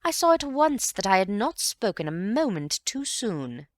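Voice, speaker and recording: Her mid-range voice sounds natural, yet it's pitched above her own as she reads an audiobook part with big pitch swings at normal speed. The role is a gushing, indignant middle-aged society mother, gossipy and self-important, delivered emphatically in clean studio audio without echo.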